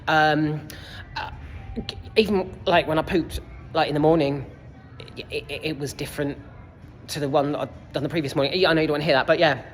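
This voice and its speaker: A young man ranting casually about a film and the heat, sweary, exasperated and rambling, filmed in a cinema foyer. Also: a little high. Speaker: film reviewer. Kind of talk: casual vlog rant. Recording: reverberant foyer, faint background noise.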